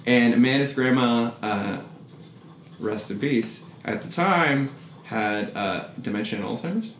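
A man's voice: mid-range voice, animated, measured pace, fairly bright tone. A man casually telling a profane, self-deprecating story, now and then mimicking people's voices. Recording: echoey room with faint noise.

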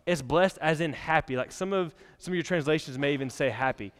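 A man's voice: fairly high pitch, fairly quick, fairly bright tone. A young man preaching a casual, conversational sermon in a church, chatty and laughing often, with many fillers. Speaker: pastor. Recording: long church hall reverb.

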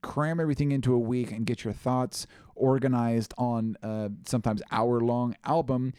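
A man's voice: medium pitch, fairly even intonation, normal speed, warm tone, clean tone, no echo, clean studio sound. A man co-hosting a music podcast in casual chat, rambling with lots of "like" and "you know" and casual swearing. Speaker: podcast co-host.

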